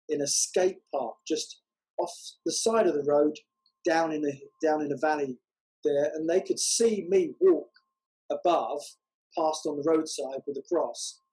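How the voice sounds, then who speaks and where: A man telling a testimony story as a guest, unhurried and halting with many fillers. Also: on the high side, a little mellow, husky, low-quality recording. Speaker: guest, walking evangelist.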